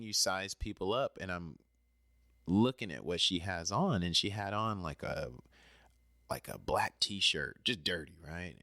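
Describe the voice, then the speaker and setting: A man's voice: deep voice, bright, forceful tone, no echo, clean studio sound. A man telling a personal story in a casual, rambling way, talking straight to the listener and apologizing when he drifts off topic. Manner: chatty, talks straight to the listener.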